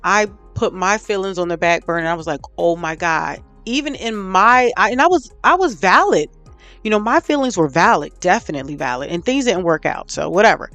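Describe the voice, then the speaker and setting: A woman's voice: medium pitch, animated, brisk, a bit bright, no echo, soft background music. A woman vlogger giving direct relationship advice to the camera, pressing her listeners with rhetorical questions in a candid, preachy way.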